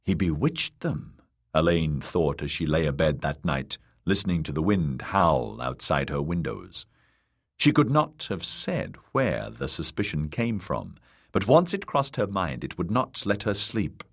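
A man narrating a fantasy audiobook in an expressive storytelling way. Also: a bass voice, a little slow, gravelly.

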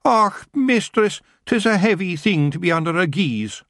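A man voicing the excitable male chief of tiny fairy warriors, with a thick Scottish accent. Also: high voice, measured pace, no echo, studio quality, voice pushed up, heavily acted. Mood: wailing. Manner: loud, excitable, whining.

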